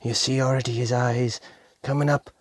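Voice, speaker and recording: A man reviewing an action figure on his own channel, excitedly gushing and talking to the toy and his audience. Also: medium pitch, moderate pace, no room sound. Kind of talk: enthusiastic toy review vlog.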